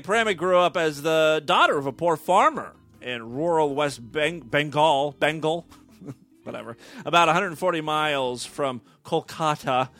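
A man's voice: a little high, sharp tone. A man hosting a show, reading strange news stories with irreverent jokey asides and frequent stumbles over words. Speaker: podcast host reading odd news.

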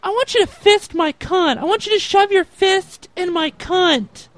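A man's voice: very high-pitched, a little slow, a bit bright, dry recording, voice pushed up. A man putting on the voice of a coy fourteen-year-old girl on a prank internet call. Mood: crude shouting.

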